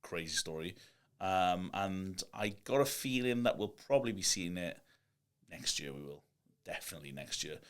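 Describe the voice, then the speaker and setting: A young Welsh man and podcast guest, telling stories in an animated, excitable way. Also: low voice, moderate pace, clean tone. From Wales. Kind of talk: casual chat.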